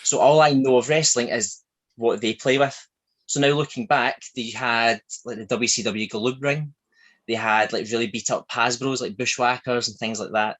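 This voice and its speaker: A man's voice: medium pitch, moderate pace, poor audio. Chatty man with a thick Glaswegian accent. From Scotland. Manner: chatty, animated storyteller. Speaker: guest, wrestling shop owner. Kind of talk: casual podcast interview.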